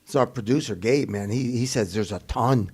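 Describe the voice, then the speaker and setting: A middle-aged man with a gravelly voice, co-hosting a casual chat, who repeats each question before he answers it. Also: medium pitch, normal speed, a little mellow. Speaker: co-host, former wrestler.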